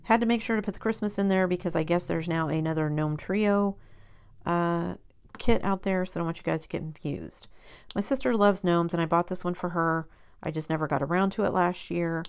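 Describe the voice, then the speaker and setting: This crafting-channel host has a smooth, lowish voice and a chatty, meandering style. Casual and rambling, she fills her speech with ums and keeps correcting herself.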